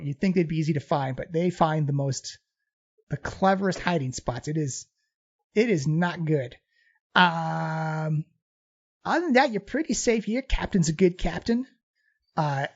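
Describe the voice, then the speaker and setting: A game master puts on a chatty male goblin ship's cook, rambling through gossip with plenty of fillers. The voice sits at a middle pitch. The recording sounds dull and lo-fi. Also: natural voice.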